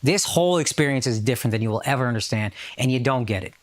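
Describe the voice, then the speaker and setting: A man's voice: medium pitch, expressive, quick pace. A man in casual podcast chat, telling a story with lots of emphatic swearing. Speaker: podcast regular.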